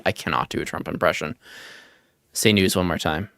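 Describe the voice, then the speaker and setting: A man's voice: low-pitched, normal speed, gravelly, long pauses, fairly bright tone, no room sound, studio quality. A man hosting a livestream, chatting casually, joking and teasing, and reading chat messages aloud. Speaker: livestream host.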